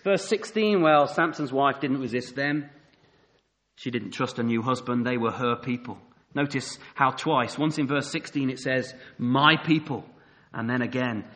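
A man's voice: medium pitch, a bit bright. A middle-aged man preaching a sermon, telling the story vividly and asking rhetorical questions.

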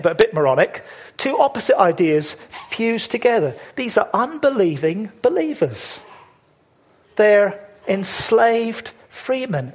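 A man with a fairly high, husky voice delivers a sermon. He speaks emphatically, posing rhetorical questions and drawing out key words for weight. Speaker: preacher.

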